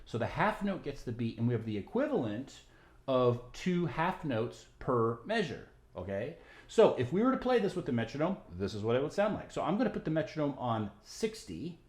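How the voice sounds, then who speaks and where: A man's voice: medium pitch, sing-song, normal speed, darkish tone. A man teaching violin, explaining rhythm and bowing patiently step by step, often checking in with "right?". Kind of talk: music tutorial. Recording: roomy echo with violin. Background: violin playing.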